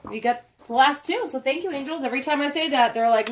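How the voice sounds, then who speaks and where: A woman's voice: high-pitched, fast, a little hiss or hum. A woman giving a casual spoken tarot reading, chatty and thinking aloud as she handles the cards, recorded on a propped-up phone camera. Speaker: tarot card reader. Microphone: phone camera propped up nearby.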